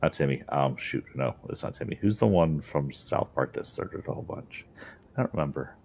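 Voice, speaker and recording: A man's voice: extremely low pitch, expressive, brisk, gravelly, slight background noise. A man hosting a casual video about a game's story, rambling a little with fillers as he reviews it. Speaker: gaming video host. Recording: dull lo-fi recording.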